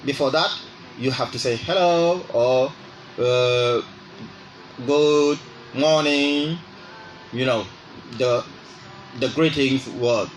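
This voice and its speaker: A man hosting a radio English lesson, speaking slowly and repeating phrases so listeners can drill them. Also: mid-range voice, a little hiss or hum, low-quality recording. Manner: exaggerates rising intonation on example phrases. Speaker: radio English teacher and host. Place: radio studio.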